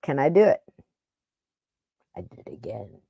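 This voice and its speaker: A woman's voice: rumbling low, big pitch swings, unhurried, husky, no echo. A woman podcast host telling a funny story in casual chat, acting out both sides of a phone call with jokes.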